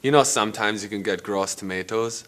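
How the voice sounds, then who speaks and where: A man's voice: fairly low pitch, fairly quick, heavy background noise, lightly acted. An actor playing a rambling, eccentric male painter in a comedic mockumentary interview, talking casually and crudely.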